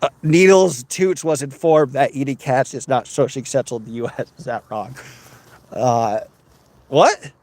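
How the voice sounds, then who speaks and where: A man's voice: mid-range voice, normal speed, a little mellow, no echo. A man livestreaming while walking outdoors, reading viewer comments aloud and bantering with his chat.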